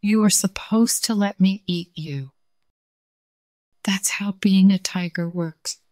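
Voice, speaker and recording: A woman voicing a boastful male tiger who hates being tickled, in a raised, lively voice. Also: medium pitch, slow, no echo, studio quality, natural voice. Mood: panicked.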